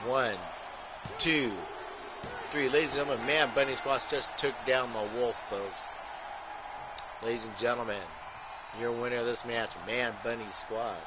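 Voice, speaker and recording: A man calls a wrestling video game like a ringside announcer. He keeps saying "folks" and "ladies and gentlemen" and throws in crude rhyming jokes. The recording is muffled and lo-fi, with a clear hiss underneath. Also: medium pitch. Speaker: host and wrestling commentator. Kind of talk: playful wrestling-game livestream commentary.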